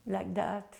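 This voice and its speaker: Brief: French woman telling a memory, slow and emphatic, searching for words. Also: medium pitch, creaky, dark tone. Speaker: devotee recalling memories. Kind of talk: personal reminiscence.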